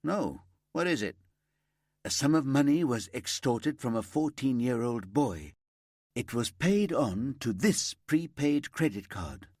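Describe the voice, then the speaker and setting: A man voicing a brisk female detective sergeant reading out an arrest and questioning a suspect, firm and level. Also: medium pitch, sing-song, darkish tone, dry recording, clean studio sound, voice pushed up. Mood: pressing.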